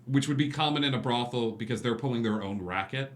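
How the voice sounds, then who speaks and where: A man narrating as game master of a tabletop game, relaxed and full of fillers. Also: mid-range voice, fast. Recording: echoey room with faint hum.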